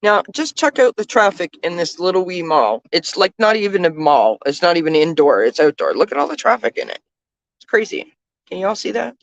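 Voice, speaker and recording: A woman's voice: fairly low pitch, very animated, a little fast, no room sound, low-quality recording. A woman chatting casually from the passenger seat of a moving car, keeping up a running commentary full of fillers. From Canada. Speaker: vlogger, tarot reader. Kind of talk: casual chat while riding in a car.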